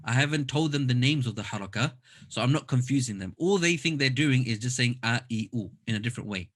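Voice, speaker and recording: A man's voice: medium pitch, lively intonation, quick pace, a bit bright. A man teaching a Quran recitation class online, explaining step by step and demonstrating sounds aloud over a computer mic.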